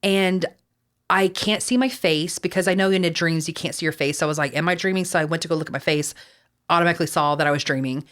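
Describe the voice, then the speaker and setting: Casual Texan woman co-host, low-ish voice, swears, rambles. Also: steady tone, fast talker, a bit bright. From Texas. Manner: chatty, swears often, rambling asides. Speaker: podcast co-host. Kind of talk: casual podcast storytelling.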